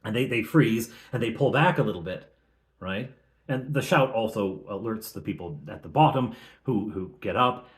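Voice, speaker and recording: A man's voice: on the low side, lively intonation, moderate pace. A man recapping a tabletop game session as game master, talking conversationally and thinking aloud with frequent restarts.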